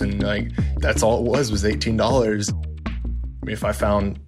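A man, a veteran who drives deliveries, recounting a story in a relaxed, self-deprecating way with frequent "kinda" and "like". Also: on the low side, normal speed, over loud music. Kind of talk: storytelling interview.

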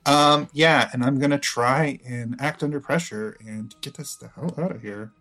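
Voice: mid-range voice, moderate pace, a bit bright, soft background music. A player in a tabletop game, talking casually and playfully about their moves.

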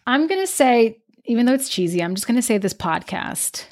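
A woman's voice: fairly high pitch, big pitch swings, a little fast, a little mellow. A woman hosting her podcast, talking in a chatty, effusive way with lots of filler words. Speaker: podcast host. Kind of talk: casual podcast chat.

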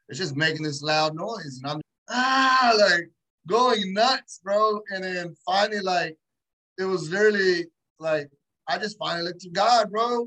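A man in an interview, telling stories in animated, slangy, profane street talk. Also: high voice, rough recording. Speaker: guest, entrepreneur. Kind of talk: casual interview storytelling.

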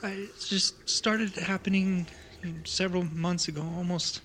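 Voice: mid-range voice, steady tone, a bit bright, slight background noise, voice pushed up, natural voice. A game master voicing a frightened young dragonborn that stutters and hyperventilates. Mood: shaken. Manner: stammering, halting.

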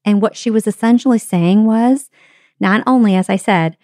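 A woman's voice: mid-range voice, moderate pace, a little mellow, dry recording. Candid chatty woman podcaster, dry sound. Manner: candid, chatty, addresses listeners directly. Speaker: podcast host. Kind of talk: personal storytelling podcast. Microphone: studio microphone.

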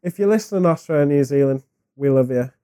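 A man co-hosting a casual podcast, talking in a loose, rambling way full of jokes. His voice is dark and mellow and sits a little high for a man. He says he has a cold. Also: fast talker, clear, resonant tone. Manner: rambling, jokey, animated asides. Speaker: podcast co-host. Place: living in Japan.

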